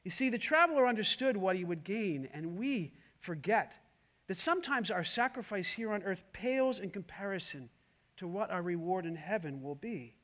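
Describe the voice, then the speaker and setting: High-voiced male pastor, emphatic sermon delivery, full of rhetorical questions. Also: animated, moderate pace. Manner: emphatic, swings between loud and hushed, many rhetorical questions.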